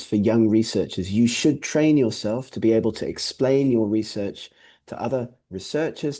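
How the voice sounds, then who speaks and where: A man's voice: mid-range voice, warm tone. A man co-presenting a webinar over a video call, giving emphatic, instructive presentation tips and repeating his key points. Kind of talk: presentation training talk.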